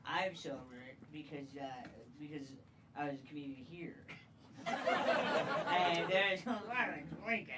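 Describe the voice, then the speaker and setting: A woman doing a stand-up comedy set, playful and crude, often jumping into loud impressions. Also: low voice, slow. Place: comedy club stage. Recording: distant mic, loud crowd and noise.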